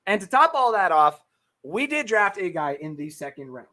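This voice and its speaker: A man's voice: sits high, sing-song, brisk, pushed and bright. A man hosting a live-streamed football talk show, brash and hyped, swearing freely and answering viewer comments from his webcam setup. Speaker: sports podcast host.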